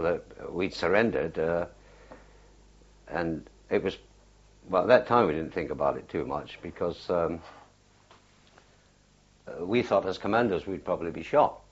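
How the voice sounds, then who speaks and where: An older man with a very low, husky voice recalls his wartime days in an oral history interview. He tells it haltingly, circling back with fillers and restarts. The recording is dull and lo-fi, like an old archive tape. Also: darkish tone. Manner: halting, unhurried storytelling with many fillers and restarts. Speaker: war veteran interviewee.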